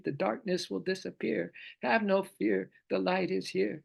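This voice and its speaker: A man leads a scripture study class in a rough, gravelly voice that sits a little high for a man. He talks loosely and playfully, repeating his phrases and chuckling often. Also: steady tone, a little slow, lo-fi sound. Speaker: spiritual study class teacher. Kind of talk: live online scripture class talk.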